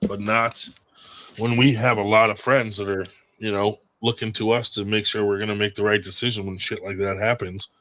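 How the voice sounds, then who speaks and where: A man's voice: fairly low pitch, normal speed. A man hosting a podcast in rambling casual chat, swearing freely. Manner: profane, rambling and animated. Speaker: podcast host.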